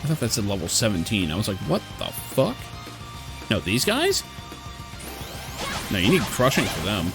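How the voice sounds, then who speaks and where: A man's voice: fairly low pitch, huge pitch swings, brisk. A man streaming a video game, chatting casually with swearing and reading game text aloud. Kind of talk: casual gameplay commentary. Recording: game music behind voice.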